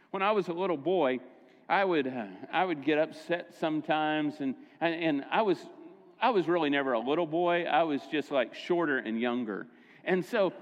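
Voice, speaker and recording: A man's voice: high-pitched, big-room sound. A middle-aged man preaching a sermon as pastor, telling stories in a conversational way and correcting himself as he goes. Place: church sanctuary.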